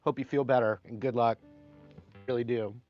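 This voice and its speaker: A man's voice: mid-range voice, fairly even intonation, normal speed. A man teaching guitar in a casual live stream, chatting and reading viewer comments aloud between playing. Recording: slightly dull sound with guitar playing.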